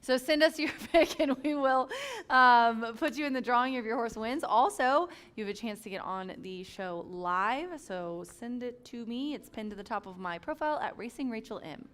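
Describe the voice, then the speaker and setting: Chatty upbeat woman with a smooth voice. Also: on the high side, moderate pace, a bit bright. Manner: chatty, upbeat, laughs often. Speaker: racing program host and handicapper. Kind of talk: casual chat.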